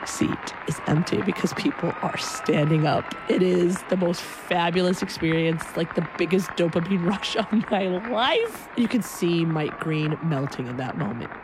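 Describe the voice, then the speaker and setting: A young adult woman telling a personal story in an animated way, acting out the people in it. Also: lowish voice, normal speed, hardly any pauses, a crowd in the background, background noise.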